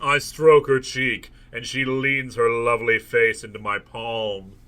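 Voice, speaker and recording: A man's voice: mid-range voice, level tone, unhurried, pushed and bright, clean tone. A man hosting a comedic reading of a novel, reading passages aloud in a mock-dramatic way and breaking off for jokey asides. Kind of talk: comedic book reading with commentary.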